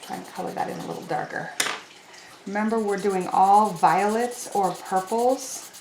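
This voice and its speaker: A woman teaching a children's lesson, talking slowly and clearly in a sing-song teacher voice to young kids. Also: medium pitch, background noise. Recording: roomy echo.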